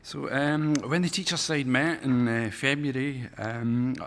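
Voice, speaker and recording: Man, halting and casual at the podium. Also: medium pitch, fairly even intonation, fairly bright tone, slight background noise. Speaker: conference delegate. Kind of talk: addressing a conference. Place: conference hall.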